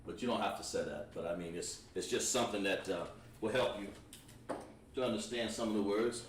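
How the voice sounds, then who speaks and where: A man with a fairly low pitch speaks briskly while teaching an online language class at a whiteboard, relaxed as he writes and explains step by step. Slight background noise, echo, and a distant mic mark the recording.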